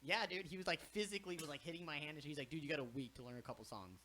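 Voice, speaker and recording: A man's voice: on the high side, racing, a little hiss or hum. A young man hosting a podcast, telling stories in a casual chat, swearing freely and acting out what people said. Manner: animated storyteller, swears freely, acts out quotes. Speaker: podcast host.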